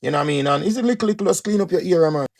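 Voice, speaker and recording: A man speaking in Jamaican Patois, delivering an emphatic, repetitive motivational monologue that swings between loud and soft. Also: sits high, expressive, rapid-fire, creaky.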